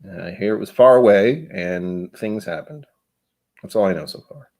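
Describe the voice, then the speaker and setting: A man's voice: lowish voice, normal speed, darkish tone. A man hosting a casual livestream, rambling and chatty with frequent laughs, his voice a bit tired. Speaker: livestream host.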